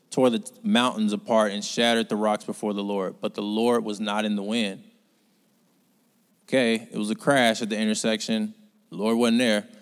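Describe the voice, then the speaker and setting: A man preaching a sermon, speaking conversationally and sometimes rising to loud, urgent exhortation. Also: mid-range voice, smooth, in a large hall.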